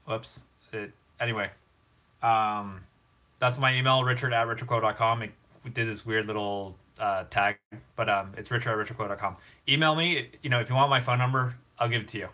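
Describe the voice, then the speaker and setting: An earnest young man hosts a casual live stream, speaking with open emotion as he reassures a struggling viewer. His voice is bright and forceful, at an ordinary pitch. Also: steady tone, fairly quick.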